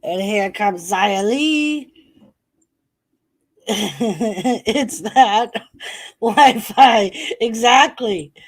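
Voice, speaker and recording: A woman's voice: mid-range voice, lively intonation, drawn-out words, pauses often. A middle-aged woman hosting a live watch-party stream, chatting casually, reading viewers' messages aloud and laughing often.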